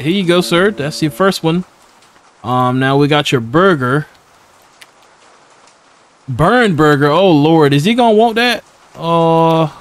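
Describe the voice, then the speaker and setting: A young man casually commenting on a horror game as he plays, slangy and laughing often, talking back to the characters. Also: fairly high pitch. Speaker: gaming YouTuber. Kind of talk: casual let's-play commentary.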